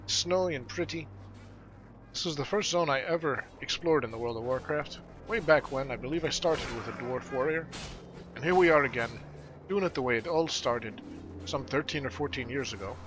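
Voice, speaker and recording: A man's voice: mid-range voice, moderate pace, fairly bright tone, a little hiss or hum. A man in his thirties, a gameplay channel host, chatting casually and jokily over his play. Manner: nostalgic, chatty, jokey.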